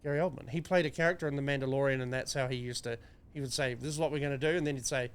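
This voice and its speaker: A man's voice: medium pitch, fairly even intonation, very fast, clean tone. A man with a New Zealand accent, ranting and joking with crude, sweary sarcasm as a podcast co-host. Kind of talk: crude casual banter.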